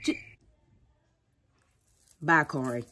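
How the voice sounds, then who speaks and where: A woman's voice: sits low, extremely slow, pushed and bright, a little hiss or hum. A woman in her thirties, a vlogging mom telling funny family stories to the camera and often laughing. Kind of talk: casual storytelling to camera.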